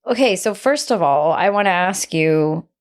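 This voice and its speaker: A woman hosting a podcast interview, speaking gently and empathetically, close to tears as she listens. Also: lowish voice, lively intonation, moderate pace. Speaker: podcast host. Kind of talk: interview conversation.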